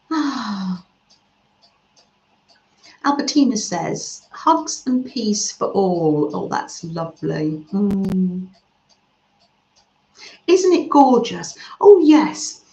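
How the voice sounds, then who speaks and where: A soft-spoken woman hosting a gentle craft live stream, reading out chat messages and murmuring as she works at home. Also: medium pitch. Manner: soft-spoken, murmurs "mm" often, trails off mid-sentence. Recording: roomy, slightly dull home recording.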